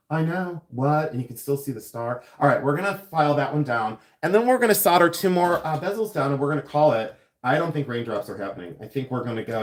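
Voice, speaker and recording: A man's voice: medium pitch, roomy sound. A man hosting a live silversmithing stream, chatting and telling rambling stories while he works. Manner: chatty, rambling storyteller who goes on tangents. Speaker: silversmith livestream host. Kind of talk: casual chat while demonstrating jewelry making. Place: jewelry studio.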